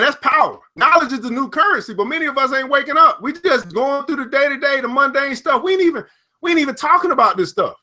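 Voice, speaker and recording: A young man, hosting casual news and market commentary, reading headlines and riffing with frequent laughter. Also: very high-pitched. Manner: animated, laughs often, reads headlines then riffs. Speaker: financial commentary host.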